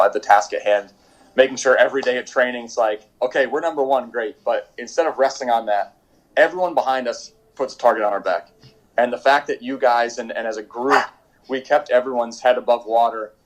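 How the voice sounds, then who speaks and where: Recorded roughly at home during quarantine, a young professional soccer goalkeeper speaks in a medium-pitched voice. He's a guest in a casual interview, rambling through his stories with plenty of fillers and restarts.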